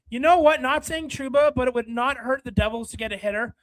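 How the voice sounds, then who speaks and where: A livestream host ranting through casual hockey chat, exasperated, apologizing to viewers, then breaking into shouting. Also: high voice, rough recording. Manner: quick, run-on talk with apologies to viewers.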